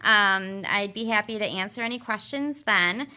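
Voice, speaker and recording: A woman's voice: medium pitch, moderate pace, sharp tone. A woman appearing as a guest in a radio studio, talking about events in an upbeat way with lots of ums. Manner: upbeat, filler-heavy, earnest. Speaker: sales and marketing director as guest. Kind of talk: promotional guest chat. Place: broadcast studio.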